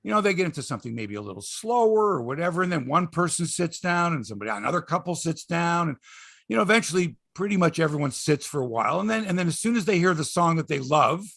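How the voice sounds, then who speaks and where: A man hosting a sports podcast, talking casually and bluntly, swearing freely and breaking into animated rants. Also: on the high side, fast, vocal fry, no echo, clean studio sound.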